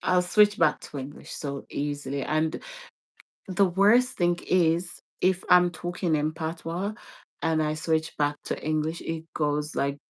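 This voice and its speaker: A woman's voice: sits low, a little slow. A woman from Jamaica in casual live-stream chat, chatty, laughing often and restarting her sentences.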